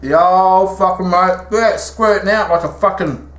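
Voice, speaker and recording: A man's voice: sits high, normal speed. A man with an Australian accent hosting a crude comedic cooking show, brash and swearing constantly as he cooks in a home kitchen. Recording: echoey room with faint noise.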